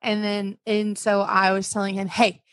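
A woman's voice: medium pitch, completely flat delivery, normal speed, fairly bright tone, no echo. A young woman co-hosting a casual podcast, chatting and telling a story with quoted dialogue. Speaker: podcast co-host. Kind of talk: casual chat.

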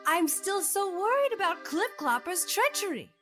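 A woman's voice: very high voice, sing-song, normal speed, a bit bright, faint music behind, exaggerated voice. A woman playing a worried noblewoman who hesitates and frets in an improvised comedy play. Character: anxious noblewoman fretting about brigands.

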